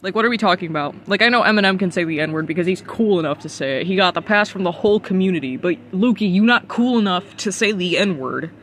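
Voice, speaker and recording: A man from the United States reacts on a live stream in a high, bright voice. He is incredulous and profane and keeps breaking into laughter. Faint background noise sits under his voice. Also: animated, fast talker, few pauses. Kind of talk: casual reaction commentary.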